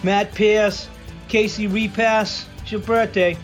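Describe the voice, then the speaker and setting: A man's voice: sits high, flat delivery, slow, faint music behind. A man doing a comic Boston-accented sports-fan character on a radio show, rambling and folksy, boastful about his hometown teams. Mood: cheerful. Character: brash Boston sports-fan guy, middle-aged man.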